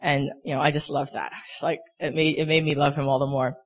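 Earnest young man, halting testimony. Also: on the high side, level tone. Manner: earnest, halting, full of "you know" fillers. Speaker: speaker sharing a personal testimony. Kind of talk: personal faith testimony.

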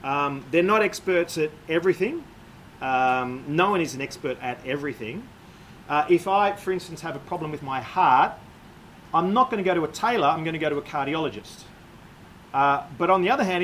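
A man preaching a sermon in a measured, explanatory way, with frequent "uh" and "um" fillers. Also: on the high side, lively intonation, a bit bright, slight background noise, poor audio.

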